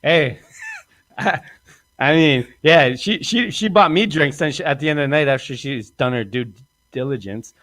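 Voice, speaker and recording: A man's voice: fairly high pitch, normal speed, a bit bright, no room sound. A man hosting a podcast, telling a crude comic story in a rambling way and laughing often. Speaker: podcast host.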